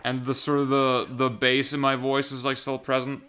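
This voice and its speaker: A man's voice: mid-range voice, completely flat delivery, moderate pace, sharp tone, slight background noise. A young man with a Californian-sounding American accent, chatting casually while streaming a game, rambling, trailing off and swearing often.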